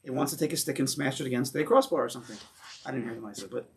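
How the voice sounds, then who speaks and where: A man with an American accent teaching a Torah class to a congregation in a synagogue, speaking in an animated way and asking his listeners rhetorical questions. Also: mid-range voice, rapid-fire, vocal fry, slight background noise.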